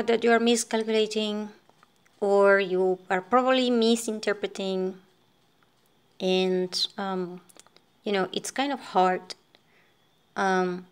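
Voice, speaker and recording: Slow, rambling woman vlogger from Venezuela. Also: fairly high pitch. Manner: rambling and conversational, thinking aloud. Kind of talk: casual talk to camera.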